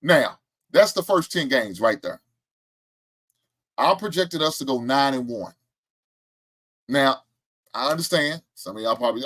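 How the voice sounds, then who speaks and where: A man's voice: medium pitch, animated, unhurried, pauses often, fairly bright tone. A man hosting a casual live-stream sports talk show, boasting about his predictions and firing back at the chat with laughs and trash talk. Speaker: show host.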